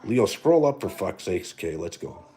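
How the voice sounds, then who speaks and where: A man's voice: low voice, sing-song, normal speed, warm tone. A middle-aged man from Canada hosting a live stream, rambling and joking with lots of profanity. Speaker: livestream host. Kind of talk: casual live-stream rant.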